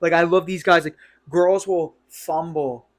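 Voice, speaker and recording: Young New York co-host, slangy and quick to laugh, voice sits a bit high. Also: male voice, fairly even intonation. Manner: laughs a lot, slangy banter. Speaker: podcast co-host. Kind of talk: casual chat.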